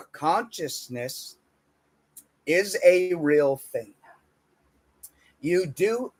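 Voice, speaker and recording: A man delivering a profane, emphatic motivational rant about diet and spirituality, swinging between loud bursts and muttered asides. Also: fairly high pitch, lively intonation, drawn-out words, slightly rough. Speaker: self-help speaker.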